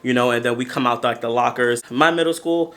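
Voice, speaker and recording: A man in his twenties telling a story to the camera in a casual, slangy, animated way, often talking straight to his viewers. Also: mid-range voice, brisk. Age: 20s. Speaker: storytelling vlogger.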